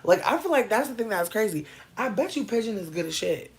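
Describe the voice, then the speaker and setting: Animated, profane woman riffing casually. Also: a little fast. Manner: loose, profane, riffing with big swings in pitch. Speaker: podcast host. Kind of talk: casual comedic chat.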